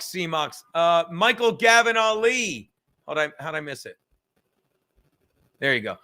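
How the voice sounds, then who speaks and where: High-voiced, bright-toned crude male host. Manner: profane, rambling, self-mocking. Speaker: podcast host reading live chat. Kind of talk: casual crude livestream chat.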